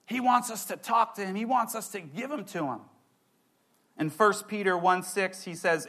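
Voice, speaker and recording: Excitable high-voiced man preaching. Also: moderate pace. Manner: excitable and animated, with playful asides. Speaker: pastor. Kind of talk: sermon.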